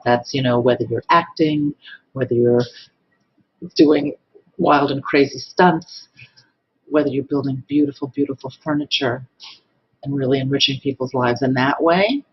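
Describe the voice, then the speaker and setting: Man, husky, earnest, measured, mid-pitched, dull lo-fi sound. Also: steady tone. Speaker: friend giving a birthday tribute.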